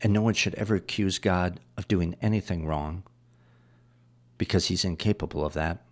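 Low-voiced man preaching verse by verse. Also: normal speed. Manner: explains verses line by line, repeating phrases. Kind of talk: sermon.

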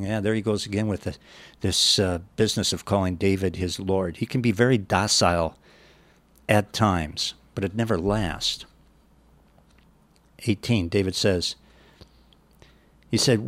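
A man with a low voice leads a verse-by-verse Bible teaching. He reads the old scripture at a measured pace, then explains it in plain, folksy words. The recording is close and dry, with no room sound. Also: fairly even intonation, fairly bright tone, no room sound. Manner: folksy asides.

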